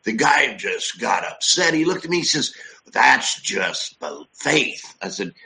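Guy cohosting, telling a story quick and casual, average voice. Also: mid-range voice, very animated, vocal fry, sharp tone, poor audio. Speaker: co-host. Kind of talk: casual anecdote on a talk show.

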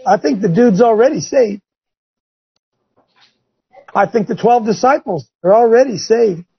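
Guy preaching, gravelly and kinda husky, folksy and pushy, dull lo-fi sound. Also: high voice, unhurried. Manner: folksy, emphatic, talks straight to listeners. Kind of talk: sermon. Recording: dull lo-fi recording.

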